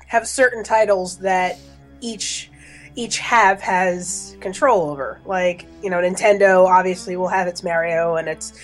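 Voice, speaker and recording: A woman's voice: on the low side, steady tone, a little slow, soft background music. A woman on a casual podcast panel, talking in a chatty way with plenty of fillers.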